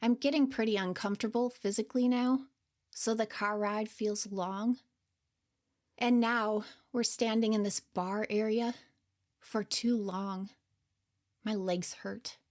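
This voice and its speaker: Slow, soft-spoken woman telling her story. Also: on the high side. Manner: slow, quiet, unsure and earnest. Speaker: podcast storyteller. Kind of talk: first-person reflective story narration.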